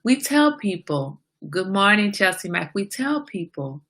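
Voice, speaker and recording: Bright-voiced woman hosting a livestream. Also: mid-range voice, very animated, measured pace. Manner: emphatic, preachy, rhetorical questions. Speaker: livestream host. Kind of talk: casual livestream monologue.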